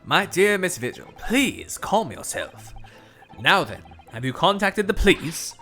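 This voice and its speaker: Voicing a pompous, eccentric male Victorian detective from a game, a streamer goes full character, pitched above their own voice, theatrical, grandiose and self-satisfied. The medium pitch swings widely, the pace is a little slow, and the tone is bright and forceful over soft background music.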